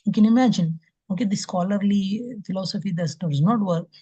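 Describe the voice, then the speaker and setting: A man's voice: high-pitched, a little fast, mellow, slightly rough, dry recording. A man, teaching an online scripture class and telling a devotional story with acted-out quotes and many fillers. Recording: dull lo-fi call audio.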